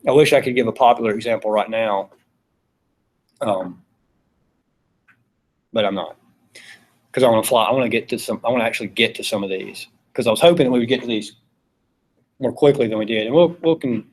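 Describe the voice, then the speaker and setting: A man's voice: lowish voice, fairly quick, long pauses. A man teaching a philosophy class, talking casually and putting questions to the students. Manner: conversational, asks the class questions. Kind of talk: classroom lecture.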